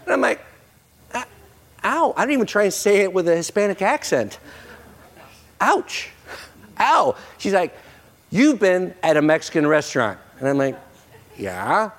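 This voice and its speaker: A male pastor preaching a sermon to a congregation, jokey and animated, slipping into playful voices for quoted lines. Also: high voice, moderate pace. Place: church sanctuary with congregation.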